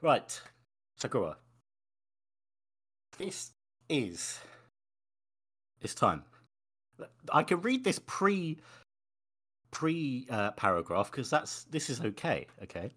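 A man's voice: mid-range voice, very animated, takes it slowly, long pauses, a bit bright, slightly rough. A man co-hosting a podcast, chatting casually in an awkward, hesitant, stalling way from a room in a house. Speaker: podcast co-host. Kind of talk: casual chat.

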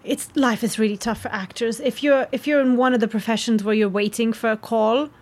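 Young woman from romania, guest, casual chat, frank and lively, laughs easily. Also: on the high side, fairly quick. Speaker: guest, actress and writer.

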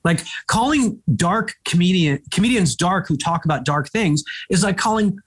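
A man from Egypt, a comedian, telling lively anecdotes in an interview with quick asides. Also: sits high, slightly rough. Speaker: comedian guest. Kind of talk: storytelling interview chat.

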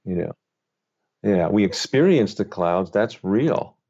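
Mellow low-voiced man telling a story. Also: animated. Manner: gentle, unhurried, thoughtful storyteller. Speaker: author and guest. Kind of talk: reflective storytelling interview. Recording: slightly dull, lo-fi sound.

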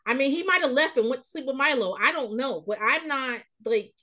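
A woman's voice: high voice, lively intonation, a little fast, bright, forceful tone. A woman hosting a podcast, chatting casually about a reality show in a blunt, profane, ranting way. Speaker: podcast host. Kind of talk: casual reality-TV recap chat.

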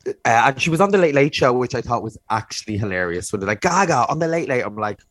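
A man with an Irish accent co-hosting a casual gossip podcast, camp and animated, jumping high when he mimics others. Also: fast talker, no room sound. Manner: camp, animated, loud high-pitched mock quotes. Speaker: podcast co-host.

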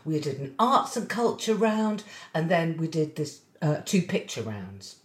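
A woman's voice: low voice, sing-song, measured pace, reverberant. A woman with a self-deprecating, rambling way of telling stories in casual chat.

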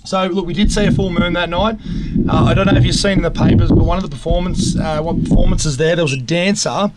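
A man's voice: high-pitched, fairly even intonation, quick pace, very noisy. Crude joking Australian man. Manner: crude, joking, swears often. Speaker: podcast co-host. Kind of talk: casual chat.

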